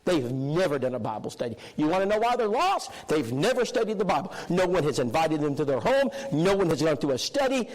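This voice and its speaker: A man's voice: on the high side, big pitch swings, a little fast, few pauses, rough recording. A male preacher telling a story to his congregation, acting out the dialogue. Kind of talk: storytelling sermon lesson. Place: church, addressing a congregation.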